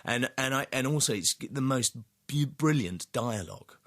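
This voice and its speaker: An actor talking as a radio interview guest, thoughtful and full of restarts. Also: male voice, mid-range voice, animated, moderate pace, a bit bright. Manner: thoughtful, rambling with many restarts.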